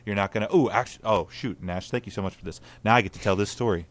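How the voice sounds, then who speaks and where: Male host, 30s, lowish voice, chatty earnest storyteller. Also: fast. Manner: storytelling, earnest, lots of "like" fillers. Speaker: podcast host. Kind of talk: casual chat.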